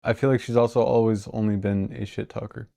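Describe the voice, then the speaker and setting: A woman's voice: very deep voice, fairly even intonation, a little fast, creaky, mellow. A woman streamer giving casual, sarcastic commentary while she reacts to a clip, swearing freely.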